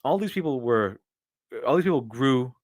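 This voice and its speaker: A man's voice: mid-range voice, expressive, normal speed, dry recording, studio quality. A man doing casual live-stream commentary and answering viewer donations, with rambling, opinionated talk full of restarts.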